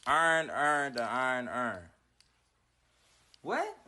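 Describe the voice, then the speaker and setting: Woman, bright animated voice, playful word repeating. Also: very deep voice, very slow, slight background noise. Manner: playful, repeating words aloud. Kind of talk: casual social media clip.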